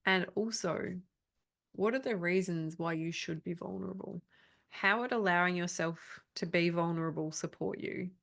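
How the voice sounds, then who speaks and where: Woman coach in her thirties, low gravelly voice, candid and chatty, online video call. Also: moderate pace, fairly bright tone. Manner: candid, chatty, laughs often. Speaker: trauma coach. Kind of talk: live online workshop talk.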